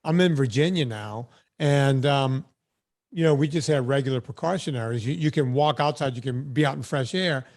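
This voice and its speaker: A man's voice: mid-range voice, moderate pace, darkish tone. A man hosting a podcast interview, chatting casually and telling stories with self-deprecating humor. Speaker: podcast host.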